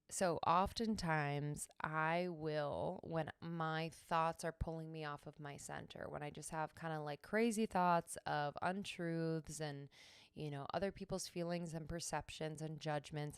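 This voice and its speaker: A young woman hosting a solo wellness podcast, slow and soothing at times and then brisk and emphatic. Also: low-pitched, clear, resonant tone, no room sound, clean studio sound. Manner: slow, soothing guidance with hums and sung tones; breaks into brisk, emphatic pep-talk bursts. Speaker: podcast host.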